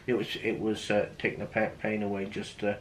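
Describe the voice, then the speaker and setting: A man's voice: lowish voice, monotone, brisk, a little hiss or hum, low-quality recording. A middle-aged British man with a British accent, telling a story earnestly in casual chat, repeating himself for emphasis. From United Kingdom. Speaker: vlogger's husband.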